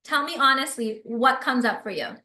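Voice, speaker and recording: A woman hosts a live stream in a high, bright voice, reading viewer comments aloud and answering them with effusive, animated energy. Her voice rings a little in an echoey room. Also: normal speed. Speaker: livestream host and business coach.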